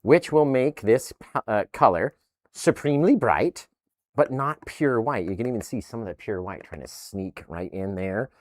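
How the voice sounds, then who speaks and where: A man teaching a live painting tutorial in an upbeat, animated way, often tagging his lines with "right?". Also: on the low side, no echo, studio quality. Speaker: painting instructor.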